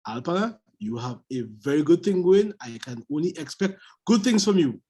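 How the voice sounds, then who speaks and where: Guy on a zoom call coaching someone on their speech, kinda husky, repeats himself a lot for emphasis. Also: on the high side, very animated, moderate pace, mellow. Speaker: speech evaluator. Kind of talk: meeting speech feedback on a video call. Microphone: video call.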